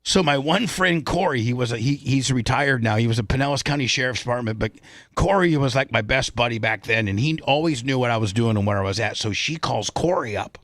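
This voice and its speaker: In studio-quality sound with no echo, a middle-aged radio host talks fairly quickly at a medium pitch. His lengthy, rambling tale comes alive as he acts out what each person said.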